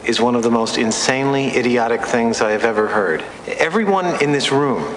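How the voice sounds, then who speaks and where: A man's voice: mid-range voice, expressive, natural voice. Brief: a man playing a scornful authority figure delivering a cutting rebuke in a roomy hall, with noise behind. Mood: contemptuous. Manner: stern, cutting, measured delivery. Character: exasperated man publicly scolding a speaker. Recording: echoey hall with background noise, film clip.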